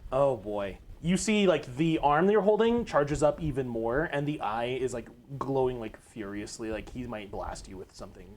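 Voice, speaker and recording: A man's voice: medium pitch, expressive, normal speed, few pauses, a little mellow. A man running a tabletop game as game master, narrating loosely with lots of fillers.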